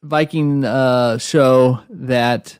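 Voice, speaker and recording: A man's voice: medium pitch, fairly even intonation, drawn-out words, darkish tone, clear, resonant tone, no room sound, clean studio sound. A man co-hosting an entertainment podcast, chatting casually and jokingly, sometimes mimicking accents for fun. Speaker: podcast co-host. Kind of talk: casual chat.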